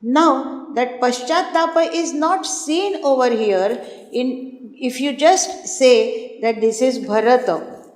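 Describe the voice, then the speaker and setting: A woman teaches a classical text in a slow, measured lecture, breaking off to recite lines and explain them with many "you know"s. Her voice sits a little high, and it carries through a large, echoing hall with a long reverb tail. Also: a little mellow. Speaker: lecturer on Sanskrit drama.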